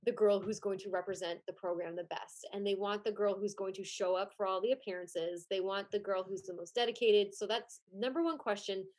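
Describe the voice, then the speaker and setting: A chatty young woman speaks as a podcast guest with a mid-range voice. Her talk is casual, full of "like" and quick laughs. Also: mid-range voice, fairly even intonation, darkish tone. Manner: chatty, laughs often, heavy use of "like". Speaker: podcast guest, former pageant contestant and judge.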